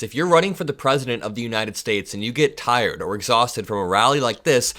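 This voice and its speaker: A man's voice: medium pitch, animated, sharp tone. Sarcastic young male political commentator. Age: 20s. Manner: quick, sarcastic, opinionated.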